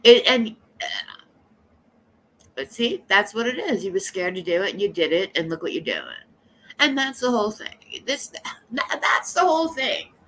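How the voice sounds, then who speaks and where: A woman's voice: medium pitch, lively intonation, normal speed, long pauses, a bit bright, a little hiss or hum. A woman live streamer chatting casually with her viewers, rambling and blunt, coughing now and then from allergies. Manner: rambling, blunt and gossipy, talking straight to chat.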